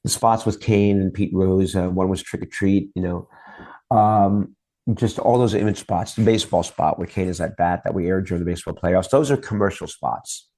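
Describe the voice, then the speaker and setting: A man's voice: low-pitched, fairly even intonation, normal speed, warm tone. A middle-aged man, a guest on an interview show, telling long stories about his work in TV promos in a casual chat style. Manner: long anecdotes, acts out quoted voices.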